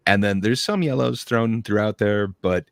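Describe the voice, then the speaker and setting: A man's voice: on the low side, moderate pace, gravelly, no echo, studio quality. A man in a casual online film discussion, giving a thoughtful, rambling analysis over a video call.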